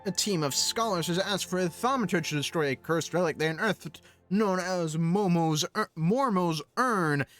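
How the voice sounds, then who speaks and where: A man's voice: high voice, moderate pace, few pauses, fairly bright tone, faint music behind. A man reading out a video game's dialogue aloud as a pompous, scheming male guildmaster mage with grand, old-fashioned phrasing. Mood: grandiose.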